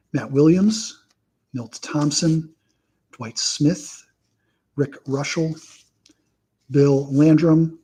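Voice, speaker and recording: A man hosting a casual live stream, reeling off a steady list of names and dropping dry, wry asides along the way. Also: medium pitch, slightly rough, poor audio. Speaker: host.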